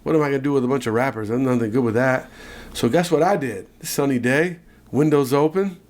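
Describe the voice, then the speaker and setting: A man co-hosting a casual podcast, telling a childhood story with animated asides. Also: medium pitch, brisk. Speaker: podcast co-host.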